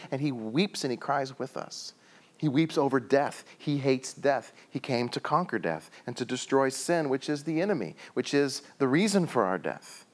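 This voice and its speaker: A middle-aged man preaching a sermon, telling stories and dropping his voice low for emphasis. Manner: storytelling with acted quotes and sudden quiet drops. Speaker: pastor.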